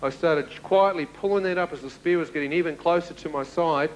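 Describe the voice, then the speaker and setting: A middle-aged man giving a testimony, retelling events vividly with sudden shouts and chuckles. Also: fairly high pitch, a little fast, low-quality recording. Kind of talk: dramatic storytelling to an audience.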